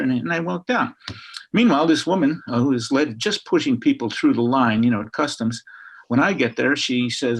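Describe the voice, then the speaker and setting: A man, a writer speaking as a guest, telling a lively anecdote on a video call and acting out the people in it. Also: mid-range voice, normal speed, husky. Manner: lively, acts out the people in his story. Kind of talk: anecdotal storytelling.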